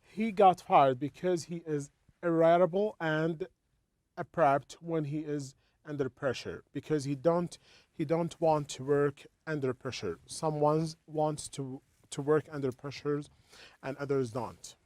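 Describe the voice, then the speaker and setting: A man walks students through English grammar, restarting phrases and repeating small words. His voice sits a little high, and the recording is dry and close with no room sound. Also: a little mellow, dry recording. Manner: halting, repeats words while explaining. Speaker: English teacher. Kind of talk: explaining a textbook lesson.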